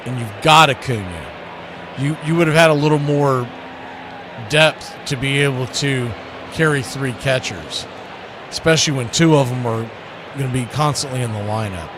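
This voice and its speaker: A man calling baseball play-by-play live as host, chatting opinions between pitches. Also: background noise.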